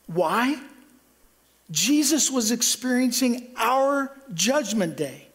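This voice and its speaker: A man's voice: high voice, animated, takes it slowly, fairly bright tone. A middle-aged man from Kansas preaching a sermon, earnest, with frequent restarts and a voice that rises for emphasis. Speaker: pastor.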